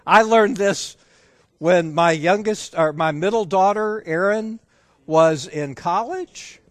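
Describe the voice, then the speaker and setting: A man's voice: high-pitched, slow, no room sound. A man preaching a sermon, drawing in the audience with questions and acting out the dialogue of a family story. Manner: engaging, asks the audience questions.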